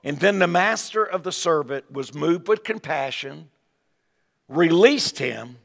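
An older man delivers a revival sermon in a folksy, animated style, circling back on his own words. His voice sits a touch high and carries a gravelly edge. The sound rings with a long reverb from a large church sanctuary. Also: measured pace. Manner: folksy, animated preaching with asides and repeated words. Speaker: evangelist preacher.

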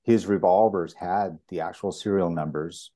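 As an interview guest, a Canadian property master with a deep voice shares stories at normal speed. He's an animated storyteller who performs the quoted dialogue.

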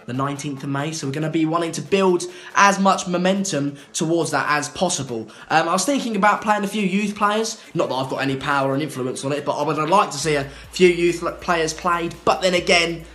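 A man's voice: on the high side, brisk, few pauses, bright, forceful tone. A man, a football presenter rambling and joking through a match prediction. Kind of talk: casual self-recorded prediction.

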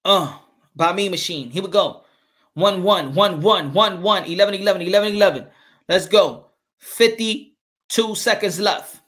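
High, bright-voiced excitable boxing commentator. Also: male voice, moderate pace. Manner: excitable, repeats calls, swears. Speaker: boxing commentator and channel host. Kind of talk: live fight commentary.

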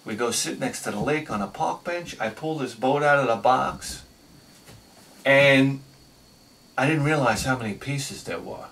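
A man telling a personal story on his video channel, excitable, swinging between loud bursts and quiet asides. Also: mid-range voice, measured pace, vocal fry, distant mic. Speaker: video host.

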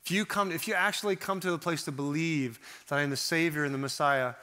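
A man preaching a sermon in a conversational, animated way, acting out the voices he quotes. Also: on the high side, quick pace. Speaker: pastor.

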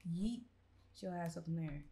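A young woman, reacting loudly and profanely while playing a horror game. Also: fairly low pitch, normal speed, slight background noise. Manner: loud, profane, exasperated reactions. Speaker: gaming YouTuber.

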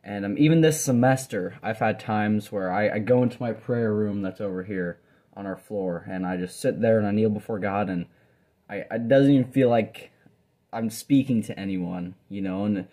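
A man's voice: lowish voice, moderate pace, mellow. A young man, a Bible college student, giving an earnest, rambling devotional talk from his dorm room, with frequent restarts and fillers. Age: young adult. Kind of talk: casual devotional talk to camera.

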